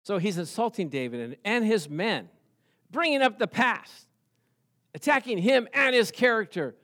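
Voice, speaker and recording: A man preaching a sermon, telling the story with lively rhetorical questions and chuckles. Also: sits high, moderate pace. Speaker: pastor.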